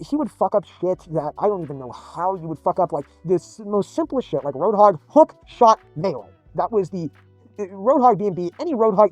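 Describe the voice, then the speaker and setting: A man with a slightly high voice tells a rambling personal story. He is emphatic, repeats himself and swears freely. The sound is close and dry, with faint music underneath. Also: a little mellow, no room sound. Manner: emphatic and repetitive, swears often. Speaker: gaming video creator.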